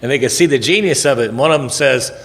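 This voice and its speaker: Speaking quickly in a mid-range, slightly bright voice, a middle-aged man shares his recovery story with the audience at a recovery event. His telling is folksy, rambling and conversational, sprinkled with "man" and "right?", and the large hall adds a long reverb.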